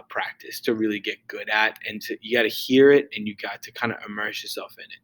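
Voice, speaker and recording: A man's voice: lowish voice, bright, forceful tone, low-quality recording. A male teacher giving a loose, casual recorded lesson, full of fillers and restarts.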